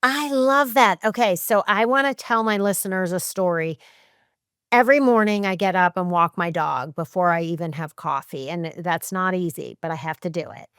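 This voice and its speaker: A middle-aged woman hosting a podcast, talking in a lively, chatty and emphatic way and acting out her own thoughts. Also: on the low side, normal speed, smooth, dry recording, studio quality. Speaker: podcast host. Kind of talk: casual podcast chat.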